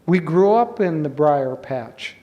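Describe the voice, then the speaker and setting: A man who teaches spirituality, explaining slowly and gently and telling a folk tale to make a point. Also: on the high side, expressive. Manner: slow, measured, gently explaining. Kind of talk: spiritual talk with storytelling. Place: college hall.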